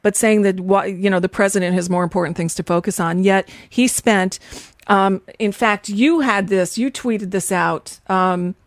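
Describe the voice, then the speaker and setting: A woman's voice: medium pitch, normal speed, no echo, studio quality. A woman co-hosting a casual political chat show, talking conversationally and restarting as she reads tweets. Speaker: podcast co-host.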